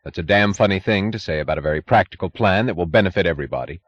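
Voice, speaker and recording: A man's voice: sits low, rapid-fire, no room sound, highs cut off. A man reading an audiobook, voicing a frightened, blustering industrialist who protests shrilly. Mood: indignant.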